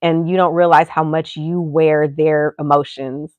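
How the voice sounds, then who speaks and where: A woman's voice: sits low, little pitch movement, a little slow, no echo, muffled recording. A woman hosting a podcast, talking candidly in a casual, rambling way full of "you know" asides. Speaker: podcast host and mother. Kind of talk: casual chat.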